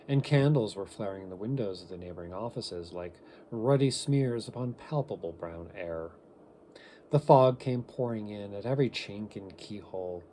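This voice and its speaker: A man giving an expressive amateur reading of a classic story, with shifting pace and occasional stumbles. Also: on the low side, slight background noise. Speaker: reader.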